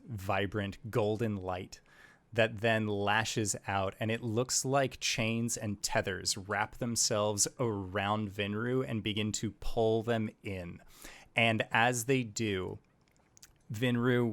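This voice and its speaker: Brief: male game master, unhurried dramatic storyteller, low-ish voice. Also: vocal fry, no echo. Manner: slow, theatrical storytelling. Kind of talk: dramatic tabletop game narration.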